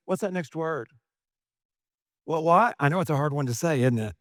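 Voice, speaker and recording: High-voiced preacher asking rhetorical questions. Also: male voice, lively intonation, normal speed, no room sound, studio quality. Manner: rhetorical questions, repeats "right?". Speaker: pastor. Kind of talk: sermon.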